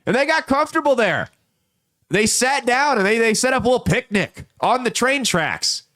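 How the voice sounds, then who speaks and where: A man hosting a political commentary podcast, telling folksy stories and quickly voicing the people in them. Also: extremely high pitch, animated, bright, forceful tone. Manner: folksy storytelling with quick voices for people in the anecdotes. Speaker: podcast host.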